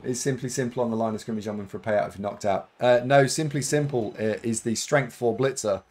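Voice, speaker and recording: A man's voice: mid-range voice, brisk, a little mellow. A man streaming a game live, chatting casually with viewers and thanking them, with lots of fillers. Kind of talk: casual live-stream chat while playing.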